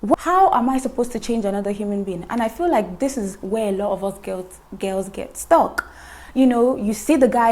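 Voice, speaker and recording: A woman's voice: on the high side, darkish tone. A young woman talking to camera in a casual chat, repeating words for emphasis and laughing at her own jokes. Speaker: vlogger.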